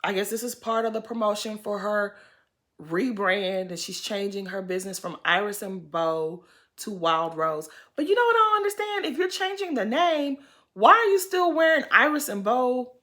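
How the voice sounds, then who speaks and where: A woman's voice: mid-range voice, animated, normal speed, bright, forceful tone. A woman giving an opinionated, casual recap of a reality TV episode, full of "girl" asides and pointed questions. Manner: sassy, opinionated, calls people "girl". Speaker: TV recap host.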